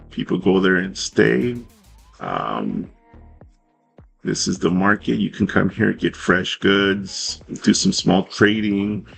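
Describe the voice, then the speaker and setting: A man narrating a tabletop game as game master, in a relaxed, rambling way with fillers and self-corrections. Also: on the low side, creaky.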